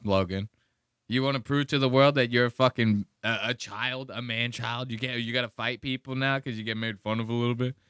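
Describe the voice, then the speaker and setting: Bright-voiced man ranting on a podcast. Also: medium pitch, clean tone, dry recording, studio quality. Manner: profane, mocking rant. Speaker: podcast host. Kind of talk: casual commentary on a played clip.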